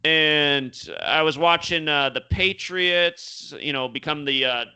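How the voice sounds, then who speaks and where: A man in his thirties speaks as a guest on a talk show, explaining intently and listing dates and figures. His voice is bright and sharp, pitched a little high. He talks in long, earnest runs. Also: takes it slowly, clear, resonant tone. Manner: intense, explanatory, reels off numbers. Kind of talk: conversational interview talk.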